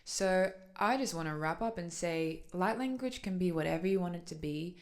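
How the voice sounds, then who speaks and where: A woman's voice: lowish voice, normal speed. A young adult woman talking casually about her spiritual practice, earnest and flowing, with many "like"s and "so"s. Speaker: light language channeler. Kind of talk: casual personal talk.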